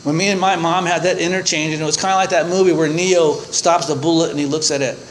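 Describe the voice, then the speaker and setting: A man in his sixties sharing a humorous personal story at a recovery meeting, animated and chuckling as he acts out his own reactions. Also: on the high side, fast talker, slight background noise, low-quality recording.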